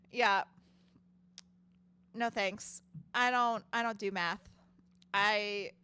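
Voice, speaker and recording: A woman's voice: mid-range voice, pushed and bright, clear, resonant tone. A woman streaming a game, chatting casually, swearing freely and laughing often. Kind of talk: casual gaming commentary.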